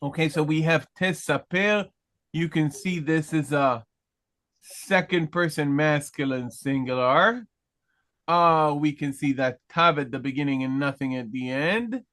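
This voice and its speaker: A man's voice: fairly high pitch, fairly bright tone. A man teaching a Hebrew grammar class to students, explaining patiently, checking in with "okay?" and asking the class questions. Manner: slow deliberate pace with many pauses and restarts.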